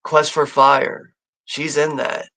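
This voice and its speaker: A man's voice: on the high side, level tone, takes it slowly, bright, forceful tone, rough recording. A man co-hosting a movie watch party, making crude jokes and laughing often. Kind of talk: casual chat.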